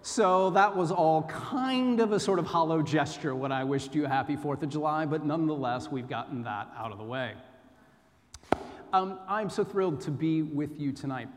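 A man's voice: fairly high pitch, expressive, moderate pace, a little hiss or hum. A man with an American accent giving a chatty, self-deprecating sermon and telling a personal story. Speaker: preacher. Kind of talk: informal sermon. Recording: long hall reverb.

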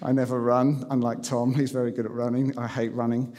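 Preacher, mid-pitched man, wry storytelling, hall reverb. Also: level tone, brisk, warm tone. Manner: conversational anecdotes with self-deprecating humour. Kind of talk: sermon storytelling.

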